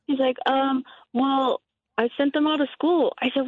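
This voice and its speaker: A woman calls in to a show and tells her story with lots of giggles. Her voice sits high. The sound is dry and tinny over the phone line. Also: fairly even intonation, normal speed, no echo. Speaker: caller. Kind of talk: casual chat on a call-in show. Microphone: telephone.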